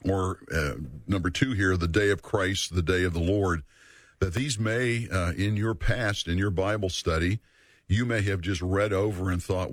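A man teaching a Bible study series in an earnest, measured way, repeating words for emphasis. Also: deep voice, steady tone, no echo.

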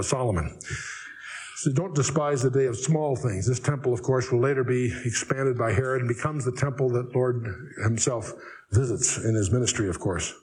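An older man teaching the Bible verse by verse, wry and conversational, slowing down to read scripture aloud. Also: medium pitch, rough recording.

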